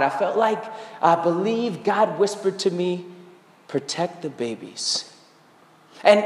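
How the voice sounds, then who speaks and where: A man's voice: sits high, reverberant, long reverb tail. A man in his thirties preaching a sermon as a guest preacher, telling a personal story with earnest rhetorical asides. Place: church sanctuary.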